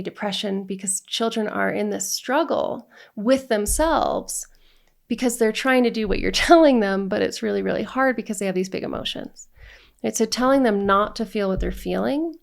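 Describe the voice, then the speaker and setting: Gravelly-voiced woman coaching on camera. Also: medium pitch. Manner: earnest, repeats "right?" and lists emotions in long runs. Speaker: divorce coach. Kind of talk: direct-to-camera coaching talk.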